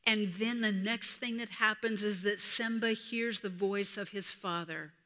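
A woman preaching a sermon as a story, swinging from hushed whispers to loud, emphatic peaks. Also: mid-range voice, fairly even intonation, unhurried. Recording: reverberant hall.

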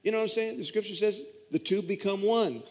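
A man's voice: high-pitched, a little fast, noisy background. A middle-aged man, a pastor preaching a sermon and telling a story with folksy, self-deprecating humor. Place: church sanctuary. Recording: long church reverb.

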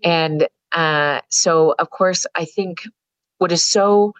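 Low-voiced woman telling a candid story. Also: slow pace, no room sound, rough recording. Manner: candid, earthy, swears freely. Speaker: psychologist guest. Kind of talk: storytelling in a podcast interview.

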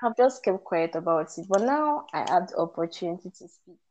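A woman's voice: lowish voice, expressive, brisk, darkish tone. A woman co-hosting a podcast, talking casually with an irritated, emphatic manner. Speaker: podcast co-host. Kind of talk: casual chat. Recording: slightly dull lo-fi sound.

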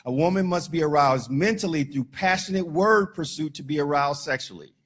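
High, bright-voiced preaching man. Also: a little fast, breathy edge. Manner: animated, shouting for emphasis, joking with the congregation. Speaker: pastor. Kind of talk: sermon.

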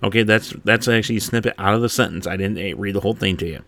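A man hosting a podcast, reading a game blog post aloud and breaking off to laugh and comment excitedly. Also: lowish voice, rapid-fire, gravelly, no echo. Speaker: podcast host.

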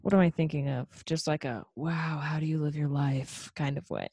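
A woman's voice: low-pitched, fairly even intonation, normal speed, mellow, breathy edge, no room sound, clean studio sound. A woman hosting a casual interview, asking curious questions and encouraging her guest. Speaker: host.

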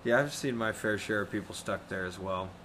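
A man, another river guide, in relaxed casual chat, swearing easily. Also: fairly low pitch, brisk, slight background noise. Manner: laid-back, swears casually.

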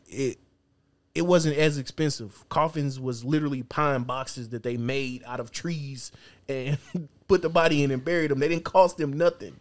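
A man's voice: mid-range voice, steady tone, moderate pace, dry recording. A man co-hosting a podcast in casual chat, opinionated and slangy, with frequent filler phrases. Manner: opinionated, slangy, keeps saying "you know what I'm saying". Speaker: podcast co-host.

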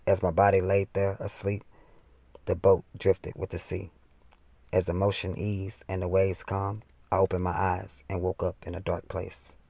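A man reading his own novel aloud as first-person narration, in a steady, solemn way, on a slightly dull recording. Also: low-pitched, moderate pace, gravelly, no echo.

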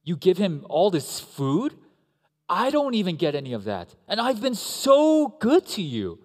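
A man voicing a furious, resentful older brother who shouts indignant complaints in a sermon. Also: high-pitched, huge pitch swings, a little slow, pitched above the performer's own voice, full character voice. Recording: echoey hall.

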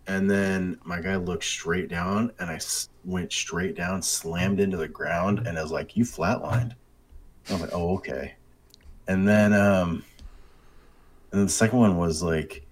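A man in casual chat, excitedly telling profane stories about video game glitches. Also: low-pitched, unhurried.

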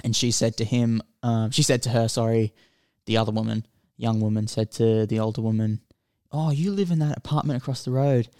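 A man's voice: mid-range voice, fairly even intonation, a little fast, few pauses, dark tone, smooth, no room sound, clean studio sound. A man co-hosting a podcast, telling a film's story in a casual, rambling way with lots of filler words. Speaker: podcast co-host. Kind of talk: casual film chat.

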